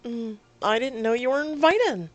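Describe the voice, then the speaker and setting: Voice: mid-range voice, lively intonation, moderate pace, highs cut off, faint music behind, voice pushed up, lightly acted. A reader voicing a mocking young woman who taunts the heroine in a story game. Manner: mocking, catty. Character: snide young woman rival.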